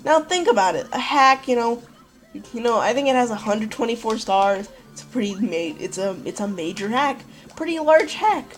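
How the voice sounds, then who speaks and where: Woman, gameplay commentary, slightly high voice, casual and swearing, says "like" a lot. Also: expressive, normal speed, soft background music. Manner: casual and profane, heavy use of "like" and "dude". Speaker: let's play host.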